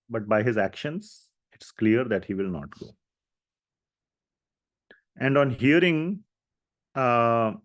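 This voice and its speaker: A man leads a scripture class, recounting the dialogue of the story at an easy, conversational pace. His voice sits in an ordinary middle register, and he pauses with small fillers while he explains. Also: mid-range voice. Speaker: lecturer.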